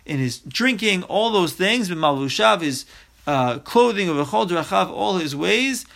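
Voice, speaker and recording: A man leads a Torah study class, reading a line of Hebrew and then explaining it in English. His voice sits a little high for a man and has a gravelly, fried edge. He talks like a teacher walking through a text one phrase at a time. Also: animated, slow, fairly bright tone.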